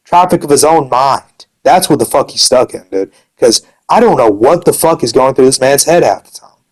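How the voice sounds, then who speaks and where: A man's voice: medium pitch, animated, normal speed, darkish tone, low-quality recording. A young man ranting angrily about another member of his gaming community, swearing heavily and saying "dude" constantly. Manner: heavy swearing, repeats dude. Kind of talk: angry rant.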